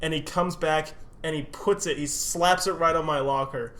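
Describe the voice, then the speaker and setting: A young male podcast co-host with a voice on the high side tells a workplace story at a moderate pace. He chats casually, laughing through the tale and swearing with gusto.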